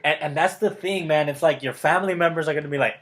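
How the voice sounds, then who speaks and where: A man coaching a friend in a loose, motivational chat, his voice sitting a touch high. He is emphatic and repetitive, drops in quick laughs and keeps calling the listener man or bro. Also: fairly bright tone. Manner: enthusiastic and emphatic, repeats key words; laughs often mid-sentence. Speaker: motivational mentor.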